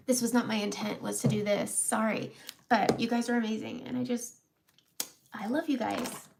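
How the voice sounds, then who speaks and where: Tearful woman with a gravelly voice. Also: a little high. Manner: emotional, tearful, laughing through tears. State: close to crying. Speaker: makeup seller and vlogger. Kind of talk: live makeup vlog, candid talk.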